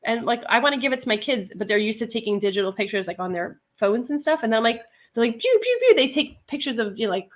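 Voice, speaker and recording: A woman's voice: a little high, fast talker. A middle-aged woman chatting casually on a livestream, reading viewer comments, laughing often and wandering into asides. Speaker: livestream host, reseller.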